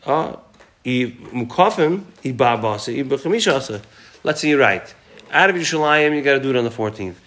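A man leads a relaxed Talmud class. He quotes passages in Aramaic and Hebrew, then explains them in easygoing, conversational English. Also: mid-range voice, moderate pace. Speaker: Talmud teacher.

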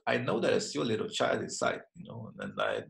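A man in his thirties, a martial arts instructor, answering interview questions in a reflective, halting way with many restarts. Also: mid-range voice, huge pitch swings, gravelly, a bit bright, rough recording. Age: 30s.

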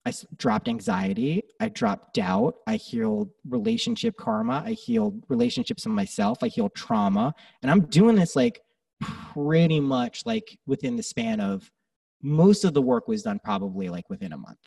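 A man with a gravelly, husky voice tells his story as a guest on a talk show, pitch leaping around as he acts out what he was thinking. He curses casually and keeps it loose and conversational. The mic sits a little back in a dry space. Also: normal speed, no echo, distant mic. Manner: animated, swears freely, acts out his own thoughts. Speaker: podcast guest.

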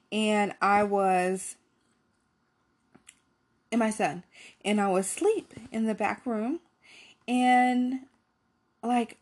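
High-voiced woman telling a candid story. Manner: candid, profane, rambling with many fillers. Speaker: storyteller addressing viewers. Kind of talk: casual storytime chat.

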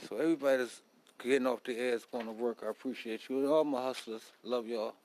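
A man's voice: mid-range voice, fairly even intonation, fast, a little mellow, poor audio. A man hosting a casual solo podcast, talking bluntly in a profane, rambling street style. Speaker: podcast host.

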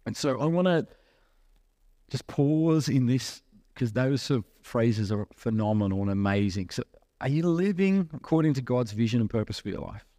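A man preaches in a relaxed, conversational manner, asking the congregation questions and slipping into acted-out asides. His voice sits at an ordinary middle pitch, and the recording is close and dry with little room sound. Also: moderate pace, no room sound. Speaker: pastor. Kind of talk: sermon.

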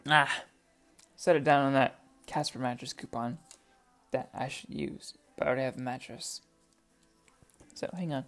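A young woman hosting a podcast in casual chat, profane, excitable and rambling, talking into a desk microphone. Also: rumbling low, moderate pace, long pauses, soft background music. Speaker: podcast host.

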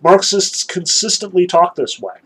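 A man giving a casual lecture, chatty and animated, with self-deprecating asides. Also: sits high, normal speed, husky, low-quality recording.

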